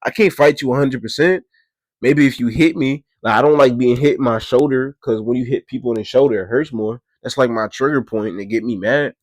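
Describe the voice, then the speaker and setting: A man casually telling a story, profane and animated, his voice jumping high and loud when he gets excited. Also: brisk, dry recording.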